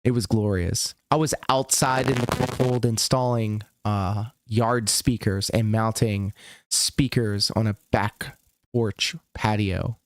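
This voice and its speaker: A man's voice: on the low side, steady tone, slow pace, slight background noise. Profane sarcastic male stream host. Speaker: livestream host reacting to videos. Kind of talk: crude casual commentary.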